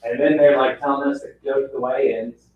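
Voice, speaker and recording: A man in casual chat, telling a story about a weigh-in and chiming in with quick reactions. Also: mid-range voice, steady tone, slight background noise. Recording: very echoey, distant, muffled audio.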